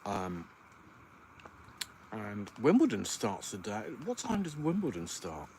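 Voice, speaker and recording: A man's voice: lowish voice, wildly swooping pitch, slow, a little mellow, a little hiss or hum. A podcast host chatting on his own in a casual livestream at home, rambling and thinking aloud with plenty of ums. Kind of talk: casual solo livestream chat.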